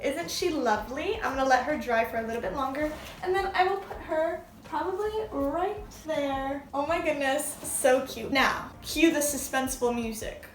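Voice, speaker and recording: A woman's voice: sits high, moderate pace, hardly any pauses, faint music behind. A young woman chatting casually in a crafting vlog, gushing and enthusiastic as she talks. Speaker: vlogger. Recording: echoey room, mic at a distance.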